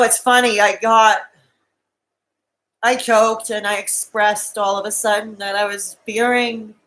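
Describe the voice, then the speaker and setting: A woman with a somewhat high voice speaks on a live stream, tearful and raw. She sounds defensive and hurt as she talks straight to the few viewers in her chat. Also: fairly bright tone, poor audio. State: crying.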